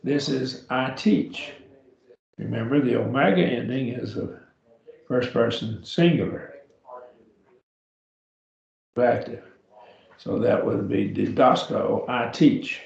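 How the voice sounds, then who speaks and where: A man teaching a beginning Greek grammar class, patient and slow, sounding words out syllable by syllable for his students. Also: medium pitch, creaky, a little mellow, echoey room, highs cut off. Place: church classroom.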